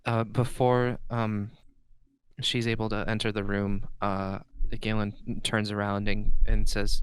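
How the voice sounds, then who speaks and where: A man playing a tabletop game, describing his character in a slow, hesitant way. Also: fairly low pitch, little pitch movement, clear, resonant tone, no room sound, low-quality recording. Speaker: player.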